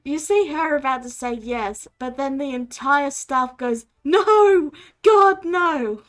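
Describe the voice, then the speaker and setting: High slow-talking woman game master. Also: fairly even intonation, a bit bright. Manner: voices many characters. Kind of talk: narrating a tabletop game.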